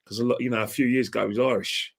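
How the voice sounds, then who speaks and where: With a crowd audible behind him, a man talks rapid-fire in a mid-range voice with vocal fry and fairly even intonation. He is a football fan appearing as a podcast guest, rambling casually, opinionated, and laughing at his own jokes.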